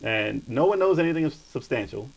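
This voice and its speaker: A man's voice: mid-range voice, expressive, normal speed, creaky, poor audio. A man hosting a casual gaming podcast, reading news in a laid-back way with frequent laughs. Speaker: podcast host.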